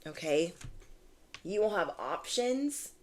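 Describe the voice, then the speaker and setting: There's a slight hiss or hum under this young woman's lowish, very animated voice as she slowly works through a casual tarot reading for viewers. Her delivery is bubbly and gushing, with many "like"s and "oh my gosh"es.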